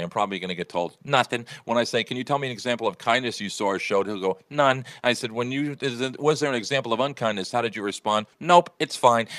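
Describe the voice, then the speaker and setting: Fast-talking man hosting morning radio. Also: on the low side, fairly bright tone, dry recording. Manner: fast, rambling storytelling with restarts. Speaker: radio show host. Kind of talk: casual morning show chat.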